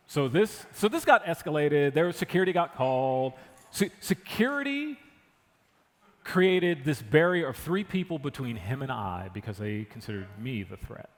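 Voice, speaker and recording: Male interview guest, mid-range voice, animated storyteller, roomy reverberant sound. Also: mid-range voice. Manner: animated retelling, acts out what others said. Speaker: guest, engineering director. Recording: long hall reverb.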